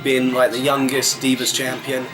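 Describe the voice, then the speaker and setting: Vlogger, mid-pitched male voice, chatty show recap, music bed underneath. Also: completely flat delivery, normal speed. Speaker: wrestling reviewer. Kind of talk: casual review vlog. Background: background music.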